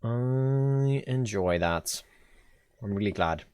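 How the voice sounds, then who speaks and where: A man with a Swedish accent streaming live, thinking out loud as he builds and chatting easily with his viewers. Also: mid-range voice, expressive, slow pace, smooth, dry recording, clean studio sound. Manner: thinks aloud, chatty, reads chat and answers viewers. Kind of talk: casual live-stream chat while building.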